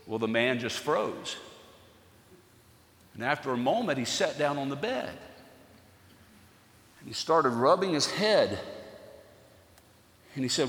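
A man's voice: a little high, very animated, a little slow, pauses often, bright, forceful tone. A male pastor preaching a sermon, telling a story earnestly and building to fervent emphasis. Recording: echoey church hall with long reverb.

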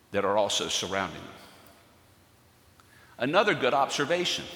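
A man's voice: on the high side, pushed and bright. A male pastor preaching a sermon, telling a story earnestly and building to fervent emphasis. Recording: echoey church hall with long reverb.

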